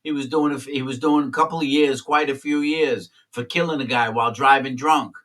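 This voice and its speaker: A former prisoner telling candid stories in a blunt, streetwise way, swearing freely. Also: male voice, mid-range voice, fairly even intonation, brisk, fairly bright tone, distant mic. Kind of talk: candid storytelling.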